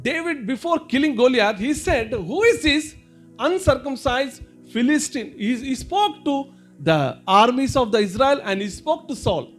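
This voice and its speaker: A man's voice: very high-pitched, very animated, normal speed. A man with an Indian English accent preaching a sermon, repeating and rephrasing his points and calling listeners brother and sister. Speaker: pastor. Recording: faint music behind.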